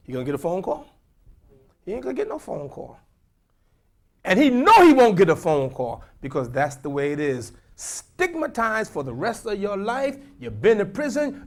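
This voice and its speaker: A man's voice: on the high side, moderate pace, vocal fry, pauses often. A man teaching a class as an imam, questioning the audience and repeating points for emphasis. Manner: animated, questioning, repetitive emphasis.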